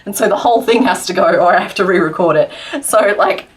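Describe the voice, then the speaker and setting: An Australian woman chats with her viewers on a live crafting stream. She packs her words into quick run-on sentences and laughs often. She sounds easygoing and unscripted. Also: on the low side, breathy edge. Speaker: crochet streamer.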